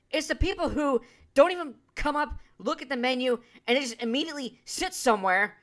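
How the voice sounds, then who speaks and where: A woman's voice: sits high, fairly bright tone. Blunt, profane woman commentator. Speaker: commentary video host. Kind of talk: reaction commentary.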